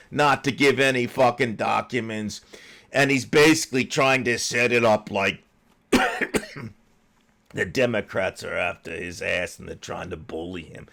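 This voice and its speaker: A middle-aged man with a Philadelphia accent rants about politics. He swears constantly and gets heated. His delivery is slow and drawn out. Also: medium pitch, gravelly, a bit bright. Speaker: political commentary host. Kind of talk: angry profane rant.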